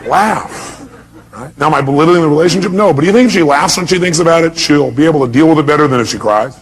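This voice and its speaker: A man's voice: fairly high pitch, fast, slightly rough. A man giving a motivational speech to a live audience, emphatic and blunt, constantly firing rhetorical questions. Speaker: motivational speaker.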